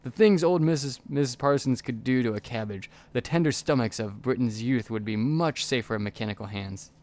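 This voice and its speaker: A man voicing a mournful upper-class English gentleman inventor in a game, with a genteel, fussy manner and an upper-class English accent. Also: mid-range voice, brisk, close to an everyday voice.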